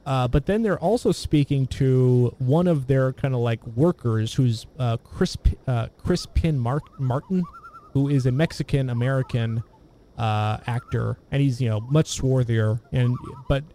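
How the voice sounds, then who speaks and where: Mellow-voiced man, rambling film talk. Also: medium pitch, a little hiss or hum. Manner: meandering, halting, many restarts. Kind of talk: casual film discussion.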